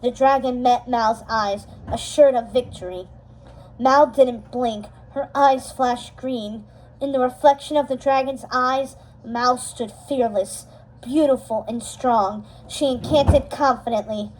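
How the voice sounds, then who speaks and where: A woman reading a storybook chapter aloud, steady and expressive, slowing down for dramatic moments. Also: a little high, poor audio. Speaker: storybook reader. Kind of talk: storybook read-aloud narration.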